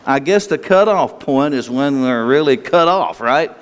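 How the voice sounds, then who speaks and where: A man preaching a conversational sermon, slightly hoarse with an itchy throat, asking his listeners questions in a folksy way. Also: mid-range voice, animated, a little slow. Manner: folksy, asks the listeners questions, laughs easily. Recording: long hall reverb.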